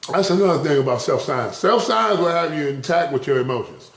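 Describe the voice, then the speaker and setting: A man's voice: fairly high pitch, lively intonation, fairly quick, hardly any pauses, a bit bright, slight background noise. A man giving a rambling, casual spiritual talk to camera, chuckling often between phrases. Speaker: vlogger. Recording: roomy echo.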